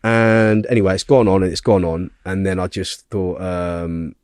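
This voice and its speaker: A man's voice: low-pitched, moderate pace, no echo, clean studio sound. A man, a podcast guest telling a story in casual conversation. He swears constantly, talks bluntly and keeps checking in with tag questions. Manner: blunt, heavy swearing, animated retelling.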